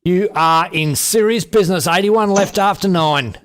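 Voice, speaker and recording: Bright-voiced darts commentator. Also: male voice, sits high, slight background noise. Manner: chatty, joking, quick to laugh. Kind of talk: live sports commentary.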